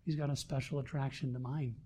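A man's voice: mid-range voice, flat delivery, a little fast, husky. Earnest older man preaching. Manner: earnest, with sudden swings between loud emphasis and quiet asides. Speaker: pastor. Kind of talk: sermon.

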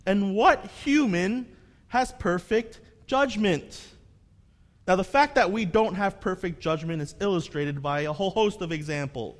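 A man preaches a sermon from the pulpit in an earnest, reasoning way, rising to emphatic peaks and dropping to near-quiet asides. His voice sits slightly high for a man. The sound carries a long reverb from a large church hall. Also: unhurried. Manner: wide swings between emphatic and soft, earnest and reasoning. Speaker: pastor.

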